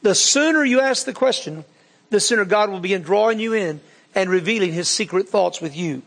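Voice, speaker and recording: A man delivers a sermon with a folksy, earnest manner. His voice sits notably high. It carries a long, lingering hall reverb. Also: animated, fairly quick, gravelly, fairly bright tone. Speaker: preacher.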